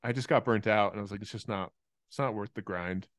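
A man in his thirties talks as a podcast guest, loose and rambling, restarting his thoughts as he goes. His voice sits on the low side and comes through smooth and resonant. The sound is dry and close. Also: fast, dry recording. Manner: laid-back, rambling with restarts. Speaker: guest comedian. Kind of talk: casual podcast chat.

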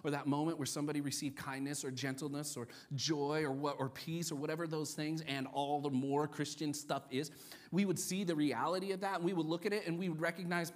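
Animated male pastor preaching. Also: on the high side, fast talker. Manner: builds to loud, animated peaks, drops soft for solemn points. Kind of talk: sermon. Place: church sanctuary during a service.

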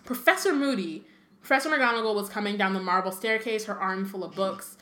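A woman's voice: mid-range voice, quick pace, sharp tone, reverberant. A young woman co-hosting a podcast, reading a book aloud with chatty asides. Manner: chatty, laughs often, reads with asides. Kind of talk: casual chat and reading aloud.

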